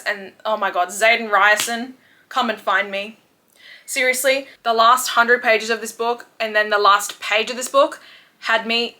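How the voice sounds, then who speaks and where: A woman's voice: mid-range voice, sharp tone. A woman in her twenties chatting casually and enthusiastically about her favourite books, gushing with frequent fillers. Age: 20s. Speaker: book reviewer. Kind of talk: casual book review vlog.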